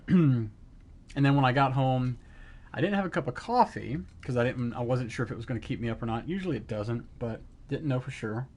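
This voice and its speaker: Excited man telling a story on stream. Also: mid-range voice, moderate pace. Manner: excited storytelling, acting out quotes. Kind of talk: casual chat on a live stream.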